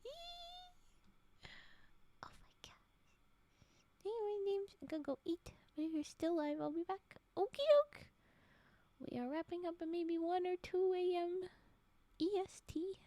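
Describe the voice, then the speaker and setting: A woman chatting on her live stream between stories, rambling and giggly, often slipping into soft whispers. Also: very high voice, normal speed, dry recording. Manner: giggly, gushing. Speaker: streamer and story reader. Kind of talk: casual live-stream chat.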